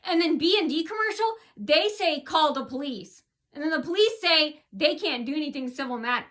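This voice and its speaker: A woman's voice: high voice, animated, normal speed, a bit bright. A woman in a casual complaint vlog, telling her story in an indignant, rambling way with many restarts. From United States. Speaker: vlogger.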